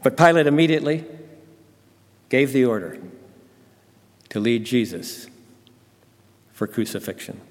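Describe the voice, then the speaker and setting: A man narrating a Bible story in the first person, dramatic and intense in delivery. His voice sits at a middle pitch, and a long reverb rings behind it. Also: expressive, unhurried, pauses often.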